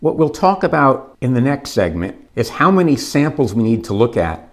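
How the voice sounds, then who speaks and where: A man giving a recorded course lecture, explaining plots step by step in a measured way. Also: mid-range voice, very animated.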